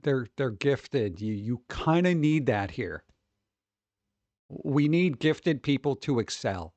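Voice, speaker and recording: A man's voice: mid-range voice, lively intonation, takes it slowly, darkish tone, no room sound. A man chatting casually on a live stream, rambling, swearing freely and often laughing.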